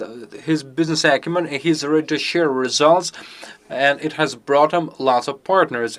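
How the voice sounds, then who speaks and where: Male interpreter for a live Q&A, unhurried and clear-toned, pauses to find words. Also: mid-range voice, a bit bright. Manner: halting, picks words as he goes.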